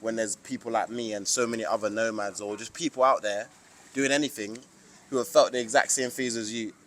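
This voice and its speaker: A man's voice: on the low side, fairly even intonation, a little fast, fairly bright tone, a little hiss or hum. A young man from the UK with a British accent, giving an emphatic, preachy motivational monologue to camera with lots of slang. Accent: British English. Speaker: vlogger.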